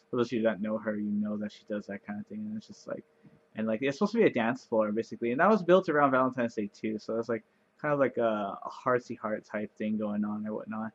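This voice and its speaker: A man giving casual gameplay commentary, rambling and chatty with lots of fillers, playfully sarcastic and easily excited. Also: medium pitch, dull audio. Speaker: let's play commentator.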